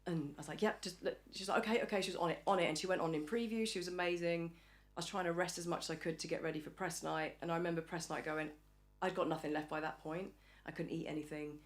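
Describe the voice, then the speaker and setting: A woman's voice: sits low, steady tone, fast talker. An English woman in a casual podcast interview, chatty and acting out the voices of people she quotes. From England. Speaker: podcast guest. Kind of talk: casual chat.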